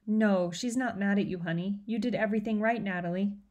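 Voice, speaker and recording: A woman reading a gentle, worried father. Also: medium pitch, fairly quick, highs cut off, natural voice. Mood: reassuring. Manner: soothing, reassuring.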